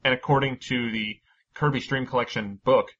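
A man hosting a podcast, chatting casually and running through news, energetic and quick to swear. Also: mid-range voice, lo-fi sound. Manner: energetic, swears freely, laughs often. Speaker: podcast host. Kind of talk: casual chat and news rundown.

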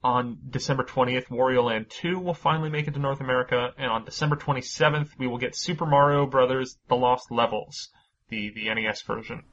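A man hosting a podcast, chatting casually and running through news, energetic and quick to swear. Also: mid-range voice, muffled recording. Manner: energetic, swears freely, laughs often. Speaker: podcast host. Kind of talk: casual chat and news rundown.

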